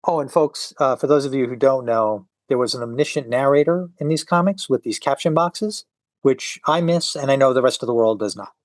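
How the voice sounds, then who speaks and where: A middle-aged man in casual podcast chat, animated and reading comics aloud with voices. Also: medium pitch, brisk, no room sound. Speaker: podcast guest.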